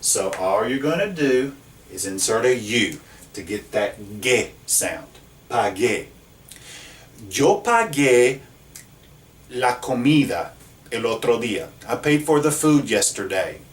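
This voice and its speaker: Man, Spanish teacher, slow deliberate classroom lesson, echoey room, mic far off. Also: fairly low pitch, animated. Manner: slow, patient, checks in with "okay?" and "right?". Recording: roomy echo, mic at a distance.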